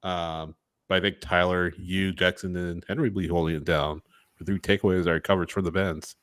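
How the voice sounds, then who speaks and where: A man's voice: low voice, flat delivery, brisk, a bit bright, no room sound. A man hosting a casual sports podcast, wrapping up with schedule details and plugs for the show. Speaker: podcast host.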